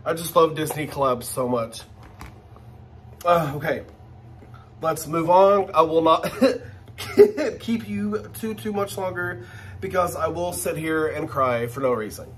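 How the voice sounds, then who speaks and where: A man hosting a casual unboxing vlog, his voice sitting a little high for a man. He drawls slowly and gushes with excitement, talking straight to his viewers. A faint hiss runs underneath. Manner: gushing and excitable, talks to viewers directly. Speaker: channel host.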